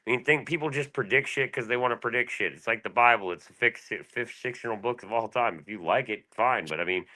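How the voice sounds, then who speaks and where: A man's voice: medium pitch, a little fast, bright, forceful tone. A man around forty talking in a loose, rambling, profane way on a casual chat stream. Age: 40s. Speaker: panel guest.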